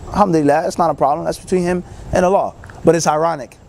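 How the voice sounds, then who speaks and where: A man, an Islamic teacher, telling a personal story in a casual, animated way and acting out other people's lines. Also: on the high side, fast talker, creaky, slight background noise. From United States. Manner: casual, many fillers like "you know".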